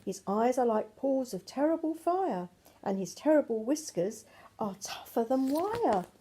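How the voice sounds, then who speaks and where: A woman reading aloud and voicing a big father gruffalo telling tales, in a slow, dramatic storybook delivery. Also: high-pitched, big pitch swings, mellow, heavily acted.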